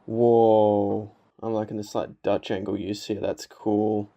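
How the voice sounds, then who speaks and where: Gravelly, laid-back movie reaction man. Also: on the low side, level tone, slow pace, mellow, muffled recording, a little hiss or hum. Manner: laughs often, swears, fills with "like" and "you know". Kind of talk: casual movie reaction commentary.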